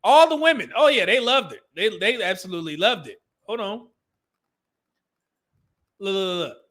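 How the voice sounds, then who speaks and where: A man's voice: high voice, lively intonation, moderate pace, fairly bright tone. A man with a Californian accent hosting a live stream in casual, joking talk, often laughing and reading out viewer messages.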